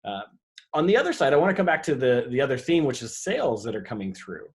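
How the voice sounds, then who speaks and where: A man moderating a webinar from a video call, with a pitch in the middle range. He speaks in a loose, conversational way, full of uh and small restarts as he moves between questions. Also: big pitch swings, fast. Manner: conversational, hesitant with fillers and restarts.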